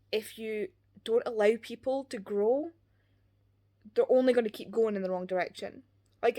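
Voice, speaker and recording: A woman's voice: mid-range voice, darkish tone. A young woman with a Scottish accent, chatting earnestly and rambling as a book vlogger, full of "like" fillers. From Scotland. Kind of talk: casual chat.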